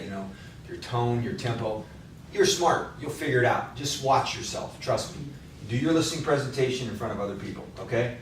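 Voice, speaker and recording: A man's voice: mid-range voice, expressive, fairly quick, a little hiss or hum. A man giving a casual workshop talk to real estate agents, blunt and conversational, coaching them. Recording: echoey room from far off.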